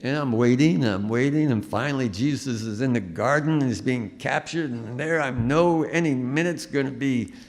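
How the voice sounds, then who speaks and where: An older man from the Bronx, an animated storyteller at a live book talk. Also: mid-range voice, normal speed, few pauses. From the Bronx, New York. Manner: animated storyteller who acts out voices. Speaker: guest musician and author. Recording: reverberant hall.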